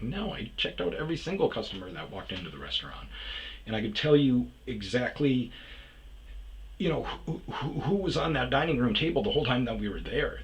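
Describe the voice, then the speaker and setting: Brief: low-voiced man, rambling storyteller, heavy swearing, lots of restarts. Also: a bit bright, rough recording. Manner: rambling, profane, self-interrupting. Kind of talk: casual spoken storytelling.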